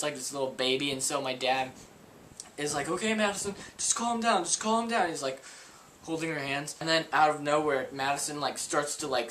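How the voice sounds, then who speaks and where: A man's voice: on the high side, fairly bright tone, slight background noise, rough recording. A young man vlogging a childhood story to camera, rambling and full of "like" and "um.". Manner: rambling, filler-heavy with frequent "like".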